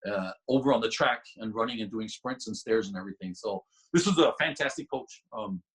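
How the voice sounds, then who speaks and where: A man's voice: on the low side, brisk, breathy edge, low-quality recording. A man guest on a podcast, telling a story casually with lots of restarts and laughter. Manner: animated, laughing, many restarts.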